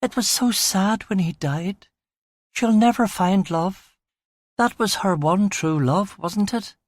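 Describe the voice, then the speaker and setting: A man voicing a soft-spoken, teasing young woman. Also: high-pitched, slow pace, dry recording, voice pushed up. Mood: wistful.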